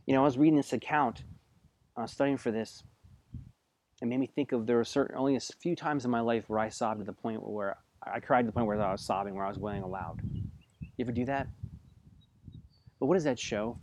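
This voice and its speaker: A man preaching a sermon in a conversational way, asking his listeners direct questions and swinging between hushed passages and loud, emphatic bursts. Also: mid-range voice, fairly even intonation, fairly quick, pauses often, a little hiss or hum. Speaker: pastor.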